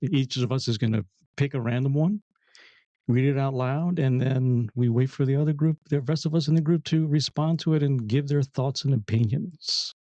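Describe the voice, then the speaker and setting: Steady male podcast co-host. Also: mid-range voice, moderate pace, no room sound, muffled recording. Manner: steady, explanatory. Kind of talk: casual chat.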